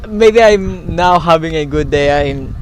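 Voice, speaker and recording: A man's voice: on the high side, a little slow, rough recording. A young man streaming live, stunned and overjoyed, stammering out his thanks. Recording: steady background noise.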